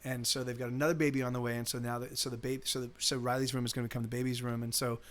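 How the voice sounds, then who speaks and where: A musician talking casually between songs on a live stream, halting, restarting often, quiet and subdued. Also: male voice, medium pitch, flat delivery. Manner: halting, many restarts and fillers. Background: guitar playing.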